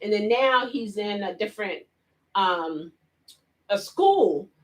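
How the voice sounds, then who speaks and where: A woman vlogger casually retelling a story and chatting with viewers, animated and quick to laugh. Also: mid-range voice. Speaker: vlogger hosting a live chat.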